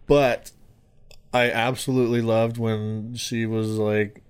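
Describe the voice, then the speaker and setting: A man with a mid-pitched voice who tells stories with gusto. He laughs often and swears freely. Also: unhurried. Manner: animated, laughing, profane storyteller. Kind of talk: casual storytelling.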